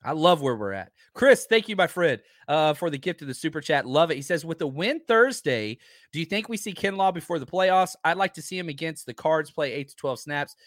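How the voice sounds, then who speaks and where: A man in his thirties hosting a casual live stream from home, animated and repeating himself as he reads out chat comments. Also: a little high, a little fast, no room sound, studio quality.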